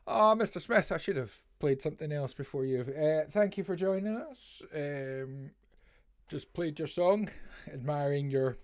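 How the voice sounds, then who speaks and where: A man's voice: fairly high pitch, lively intonation, a little slow, no room sound, clean studio sound. A man hosting a music review livestream in a rambling, jokey way, full of "eh" fillers. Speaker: podcast host reviewing songs. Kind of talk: casual livestream chat.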